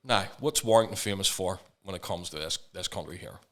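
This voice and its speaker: Male co-host; quick, low-voiced, blunt storyteller who swears freely. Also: a bit bright. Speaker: podcast co-host. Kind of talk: casual storytelling chat.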